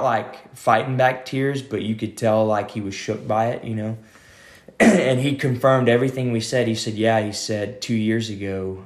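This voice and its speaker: Associate pastor, man, low voice, rambling casual storyteller, echoey room. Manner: rambling, lots of fillers and "man".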